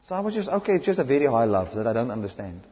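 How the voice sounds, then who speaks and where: A man's voice: medium pitch, very animated, rapid-fire. Male South African preacher, fervent sermon, muffled lo-fi sound, echoing hall. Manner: impassioned, swings between loud emphatic and hushed delivery. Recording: dull lo-fi recording in a reverberant hall.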